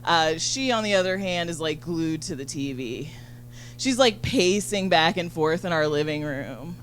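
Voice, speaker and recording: A woman doing a stand-up comedy set on a handheld mic, talking rapidly and profanely with lots of "like". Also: low voice, expressive, a little hiss or hum. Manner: rapid, chatty, full of "like" and profanity. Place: comedy venue.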